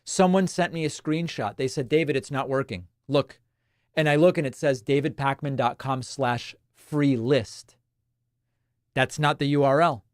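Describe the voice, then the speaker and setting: A man's voice: on the high side, measured pace, no room sound, studio quality. A male host from Argentina, chatting wryly on a livestream and reading out viewer messages. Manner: wry, chatty, animated asides.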